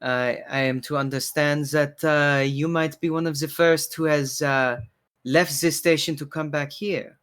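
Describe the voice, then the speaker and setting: A man's voice: a little high, fairly even intonation, clear, resonant tone. A man doing a humble, wise old bartender. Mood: courteous. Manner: slow, pausing with soft hums.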